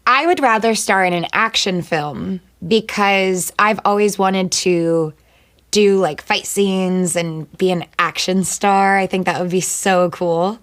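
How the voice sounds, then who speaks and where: A woman, a singer and actor, answering interview questions in a chatty, playful way and firing off quick one-word replies. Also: mid-range voice, fairly bright tone.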